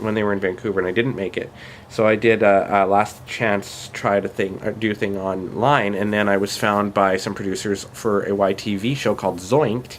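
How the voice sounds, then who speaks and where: A man's voice: lowish voice, a little hiss or hum. Brief Rambling Canadian man in his thirties. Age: 30s. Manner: rambling, self-deprecating, with fillers and pauses. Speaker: vlogger. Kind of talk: casual late-night vlog.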